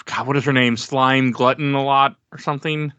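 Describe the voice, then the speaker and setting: A man co-hosting a casual talk show about games, retelling plots and stopping often to restart his sentences. His tone is bright and tense, and the recording is dry with no room sound. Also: medium pitch, steady tone, moderate pace, clean tone, dry recording, muffled recording. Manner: storytelling with frequent restarts.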